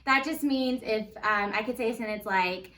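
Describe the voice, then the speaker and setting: Patient first grade teacher, woman, slow clear phonics, slightly distant mic. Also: on the high side, bright, forceful tone. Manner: upbeat, patient, sounds words out slowly. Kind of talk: phonics lesson for young children.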